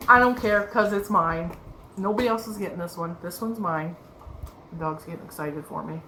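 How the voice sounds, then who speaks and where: Chatty crochet lady rambling about her yarn, bright voice, echoey room with a little hiss. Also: fairly low pitch, normal speed. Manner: chatty, rambling, laughs often. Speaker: crochet vlogger. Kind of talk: casual show-and-tell chat. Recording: echoey room with faint background noise.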